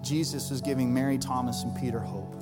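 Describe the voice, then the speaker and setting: Pastor, man, mid-range voice, earnest preaching with loud emphatic peaks, long hall reverb. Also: medium pitch, fairly even intonation, a little fast. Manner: earnest preaching, builds to loud emphatic peaks, drops soft for tender lines. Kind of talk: Easter sermon. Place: large church hall. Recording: live church hall with long reverb and soft music.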